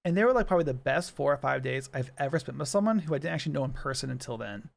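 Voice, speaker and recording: A man's voice: medium pitch, expressive, very fast, creaky. A man in his thirties, a podcast co-host chatting casually and telling stories with frequent laughs. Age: 30s. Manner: chatty storyteller, laughs often. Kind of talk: casual chat.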